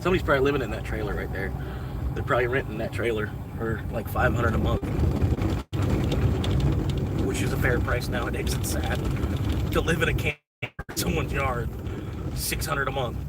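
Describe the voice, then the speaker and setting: A man's voice: mid-range voice, brisk, long pauses. Man, casual rambling streamer talking from a vehicle; distant phone mic, heavy road noise behind. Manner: rambling, loose, full of "like" and "you know what I mean". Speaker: livestreaming rideshare driver. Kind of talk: casual rambling livestream talk. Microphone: phone camera.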